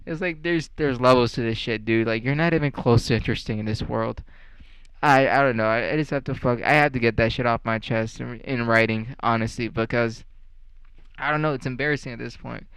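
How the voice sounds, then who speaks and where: A man's voice: mid-range voice, brisk, a bit bright, smooth, no echo, low-quality recording. A young man in a casual, profane rant, sarcastic and rambling, full of fillers and mocking questions.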